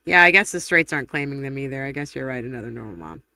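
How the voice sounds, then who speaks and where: A chatty woman hosts a live stream, reading viewer comments aloud in a rambling way. Her voice is bright and forceful. The sound is dry and close, with no room echo. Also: rumbling low. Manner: chatty and rambling, quick laughs and self-corrections. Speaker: livestream host.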